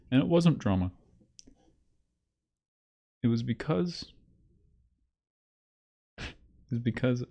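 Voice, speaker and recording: A man's voice: fairly low pitch, warm tone. A man streaming live, chatting casually and rambling between bursts of laughter and mock self-pity. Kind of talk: casual livestream chat.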